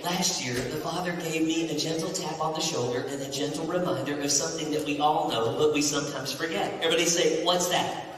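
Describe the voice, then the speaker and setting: A man's voice: fairly high pitch, quick pace, few pauses, noisy background. A man leading an audience in call-and-response as a children's entertainer. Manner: energetic, call-and-response with crowd. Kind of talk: live audience show. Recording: echoey hall from far off with loud crowd.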